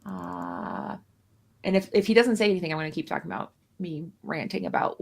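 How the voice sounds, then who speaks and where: A woman's voice: fairly low pitch, big pitch swings, brisk, creaky. A woman co-hosting a live stream in casual chat, rambling and self-deprecating with a jokey edge. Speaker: streamer co-host. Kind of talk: casual stream chat about a card game.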